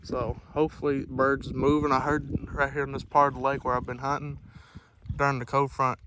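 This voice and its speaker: Shivering hunter talking outdoors in the cold. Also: male voice, mid-range voice, level tone, fairly quick. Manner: plain, rambling, with many fillers. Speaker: duck hunter vlogger. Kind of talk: casual outdoor vlog. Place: outdoors by a lake in snow. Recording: outdoor wind and background noise.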